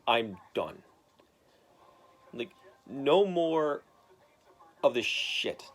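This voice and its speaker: A man playing a furious, profane vigilante. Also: medium pitch. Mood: defiant. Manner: blunt, profane, threatening. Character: furious masked male vigilante, threatening.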